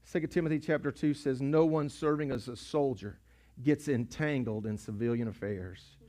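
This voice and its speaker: A male pastor, preaching a sermon in a church sanctuary, building from hushed asides to shouted repeated lines. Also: medium pitch, moderate pace. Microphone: pulpit mic.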